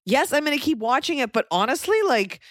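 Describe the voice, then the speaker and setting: A woman's voice: high voice, lively intonation, fairly quick, dry recording, clean studio sound. A young woman co-hosting a podcast, giving blunt, sarcastic advice and swearing freely. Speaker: podcast co-host. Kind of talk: casual chat, advice.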